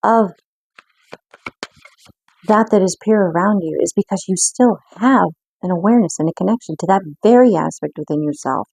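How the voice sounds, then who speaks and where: A woman giving an intuitive card reading in an earnest, reflective way, with frequent pauses. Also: medium pitch, gravelly, a little mellow, slightly rough, no room sound. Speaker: spiritual card reader.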